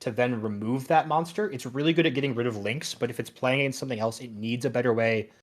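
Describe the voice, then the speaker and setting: Young male co-host, medium pitch, enthusiastic opinionated talker. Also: quick pace. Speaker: podcast co-host. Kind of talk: casual card-game chat.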